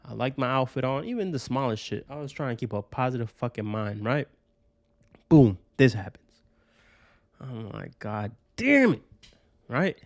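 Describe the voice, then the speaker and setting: A man from Georgia talks on his own podcast in a loose, rambling flow. He swears constantly and checks in with "right?" every few lines. His voice sits at an ordinary middle pitch and sounds close and dry, with no room sound around it. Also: normal speed, long pauses, a little mellow, no room sound. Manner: rambling, profane, keeps tagging lines with "right?". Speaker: podcast host. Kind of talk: casual personal monologue.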